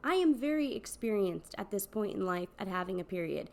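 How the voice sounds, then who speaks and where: A woman hosting a podcast, telling stories in a wry, sarcastic comedic monologue with sudden loud outbursts. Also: mid-range voice, animated, fairly quick, gravelly. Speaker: podcast host.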